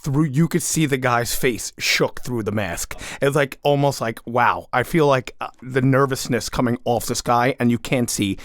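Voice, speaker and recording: A man's voice: medium pitch, normal speed, few pauses, dry recording. Chill joking guy, mid voice, podcast banter, dry mic. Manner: laid-back, jokey, acts out quotes. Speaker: podcast co-host. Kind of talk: casual chat.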